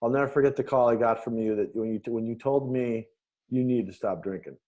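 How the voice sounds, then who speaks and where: A man hosting a casual interview, prompting his friend with short, relaxed questions and reactions. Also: mid-range voice, brisk, lo-fi sound. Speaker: host.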